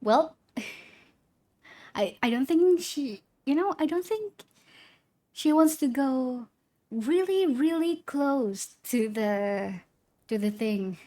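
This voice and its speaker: Slow, giggly woman streamer. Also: high voice, lively intonation, dark tone. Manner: giggly, stammering restarts. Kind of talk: casual gameplay commentary.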